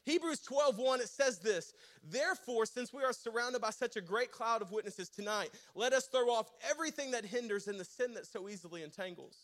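A man's voice: extremely high pitch, brisk. A young man preaching a sermon, telling a funny story and calling out to his audience. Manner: energetic, joking, audience call-outs.

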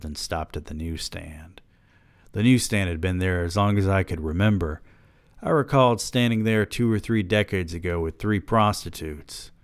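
A man reads a novel aloud in a low-key, deadpan way, now and then stepping out for a dry aside. His voice sits very low, and the close mic leaves it dry with no room sound. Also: smooth, dry recording. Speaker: podcast host reading a novel aloud. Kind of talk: audiobook-style reading.

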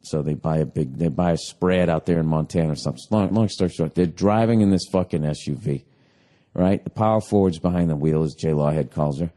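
A man's voice: very deep voice, brisk, warm tone. Profane rambling male podcast host. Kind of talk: crude comedic storytelling.

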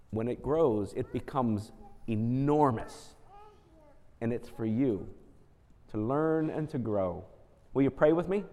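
A man leading a children's message during a church service, talking gently and coaxingly as he tells a story to the kids. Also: on the high side. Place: church sanctuary. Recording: church service audio with long hall reverb.

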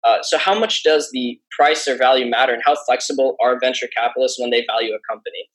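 A man with a bright, clear-edged voice asks questions in a curious, casual way. He sets up each question with his own thoughts before handing it over. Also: mid-range voice, fast talker, low-quality recording. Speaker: interviewer. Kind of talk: interview questions.

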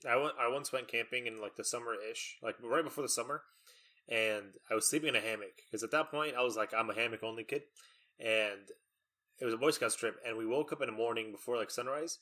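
Bright-voiced young man, rambling chat. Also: mid-range voice, brisk. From Texas. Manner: loose, rambling, many fillers. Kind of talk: casual chat.

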